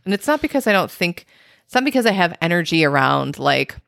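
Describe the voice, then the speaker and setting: A woman's voice: fairly low pitch, very animated, brisk, vocal fry, fairly bright tone, no room sound, clean studio sound. A woman co-hosting a podcast in casual chat, blunt and teasing, stretching out her phrases. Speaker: podcast co-host.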